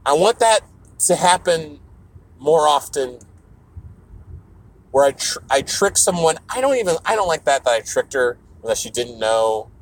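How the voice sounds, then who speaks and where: A man's voice: a little high, sing-song, normal speed, long pauses. A man who does stand-up, rambling through a profane podcast monologue while on the road, jumping into mock voices and scraps of broken French. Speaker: comedian.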